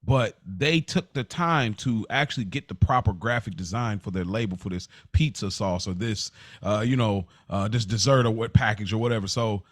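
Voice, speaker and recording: A man's voice: fairly low pitch, moderate pace, few pauses, dry recording, studio quality. A man from the Midwest with a light Indianapolis accent, co-hosting a podcast in casual chat, rambling with lots of 'like'. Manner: rambling, filler-heavy with frequent 'like'. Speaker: podcast co-host.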